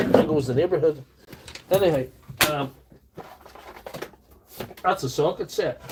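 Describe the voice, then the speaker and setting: Very noisy audio captures a fairly high-pitched man with a Northern Irish accent. He's a tool repairer hosting a relaxed live stream from his improvised home workshop studio, rambling and poking fun at himself, recorded on a phone propped on a small tripod.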